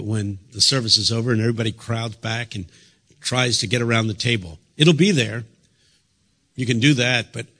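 Bright, husky-voiced impassioned male preacher. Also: medium pitch. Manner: impassioned, swings from hushed to loud. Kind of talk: sermon. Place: church.

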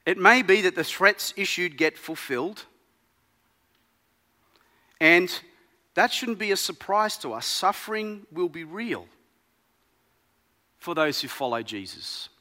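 A man preaching a sermon, swinging between loud emphasis and quiet gravity. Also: high voice, animated, slow, pauses often, in a large hall.

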